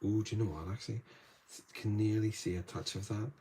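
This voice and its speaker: A man hosting a live painting demo, thinking aloud softly as he works and brightening when he greets viewers in the chat. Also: on the low side, steady tone, brisk, a little hiss or hum. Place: indoor studio room.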